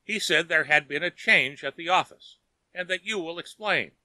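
A man's voice: a little high, normal speed, bright, forceful tone, dry recording, voice pushed up. A man voicing an earnest, eager young woman in an audiobook reading, raising his voice to plead.

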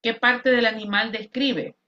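Bilingual woman teacher drilling pronunciation on a video call; bright, slightly high voice, dull lo-fi sound. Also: fairly even intonation. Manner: drills words slowly, switches between English and Spanish. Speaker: English teacher. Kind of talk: online class instruction.

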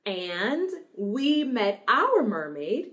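A young woman teaching small children about singing, talking slowly and brightly, with lots of praise and sung examples. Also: sing-song. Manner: warm praising, sings examples, owl hoots and drum booms. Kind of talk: slow, sing-song lesson for small children.

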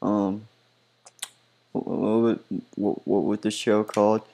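A man's voice: lowish voice, steady tone, slow, vocal fry, dark tone, exaggerated voice. A man voicing a bumbling male cartoon studio boss who stammers and gets flustered, in a goofy game machinima.

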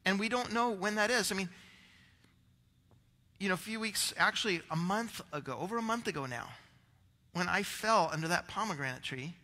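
A man's voice: high-pitched, normal speed, pauses often, sharp tone, long reverb tail. A male pastor preaching a rambling, conversational sermon, out of breath, with many restarts.

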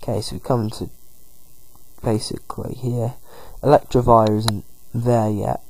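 A man's voice: mid-range voice, level tone, unhurried, darkish tone, rough recording. A man giving casual let's-play commentary, loosely narrating the game and paraphrasing characters with "he's like.". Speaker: gameplay commentator.

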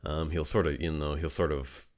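A man runs a tabletop game with a very deep, gravelly voice. He narrates in a loose, rambling way, circling back and hedging with fillers as he describes the scene. His speech is halting and informal. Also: steady tone. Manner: rambling, full of fillers and restarts. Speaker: game master.

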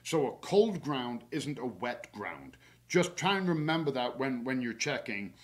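A man, a horticulturist, hosting a casual garden webinar, talking in a relaxed, chatty way with plenty of fillers and practical tips from his own yard. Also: mid-range voice, measured pace. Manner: chatty and relaxed, many fillers, laughs at himself.

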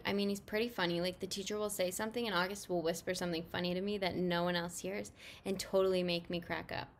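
Woman narrating an audiobook casually. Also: mid-range voice. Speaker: audiobook reader. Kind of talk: first-person audiobook narration.

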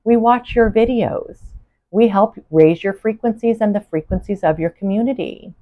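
A woman voicing an exuberant alien being from a distant planet, who speaks in an excited, effusive and formal way. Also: mid-range voice, normal speed, phone-quality sound, pitched above the performer's own voice, lightly acted.

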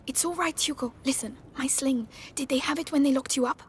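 A woman voicing a young teen girl protecting her little brother in a video game, often in urgent hushed whispers. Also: high voice, brisk, slight background noise, lightly acted. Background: game music.

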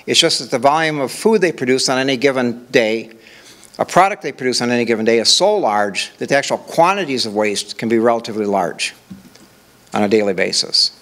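A man's voice: mid-range voice, animated, a little fast, a bit bright. An older man from Minnesota giving a conversational conference presentation, walking through examples with rhetorical questions. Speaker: conference speaker.

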